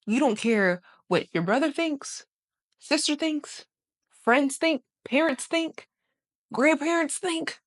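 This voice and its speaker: A woman in her twenties giving casual motivational talk to camera, emphatic and animated, swearing casually and laughing often. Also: high voice, slow pace. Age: 20s. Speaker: vlogger.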